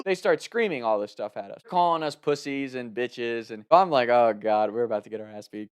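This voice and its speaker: A young man casually telling a wild story, animated, laughing and shouting out the lines he quotes. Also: mid-range voice, a little fast, few pauses, smooth.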